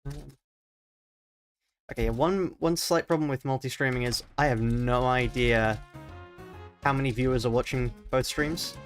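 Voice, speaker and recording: An Australian man talks through a live game stream at his home desk microphone, rambling and thinking out loud as he plays. He keeps his voice mid-range and makes fun of himself, with faint music playing underneath. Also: medium pitch, unhurried, long pauses. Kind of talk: live let's-play commentary.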